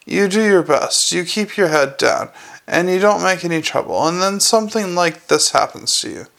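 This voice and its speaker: A man voices a scruffy, woebegone corporal who moans and complains. The voice is raised in pitch with a gravelly rasp. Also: moderate pace, a bit bright. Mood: woeful. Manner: moaning, self-pitying. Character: scruffy male corporal, whiny and put-upon.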